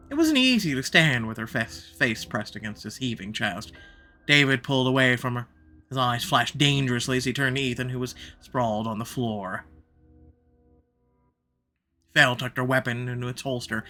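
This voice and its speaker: A man's voice: medium pitch, bright, forceful tone. A man reading a visual novel aloud, narrating expressively and shifting his pace for drama.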